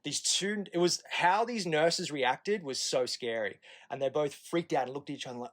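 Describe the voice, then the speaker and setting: A man in his thirties with an Australian accent tells a long personal story on a podcast. He talks casually and frankly, swears freely and slips into quick impressions of the people around him. His voice sits at a middle pitch for a man. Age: 30s. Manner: candid and profane, acting out the nurses in quoted asides. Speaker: podcast guest.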